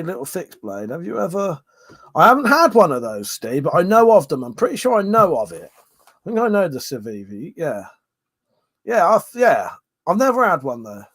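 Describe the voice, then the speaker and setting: A man's voice: high voice, fairly bright tone. A man hosting a casual live stream, reading out viewer comments in a rambling, sweary, jokey way, yawning and short of breath.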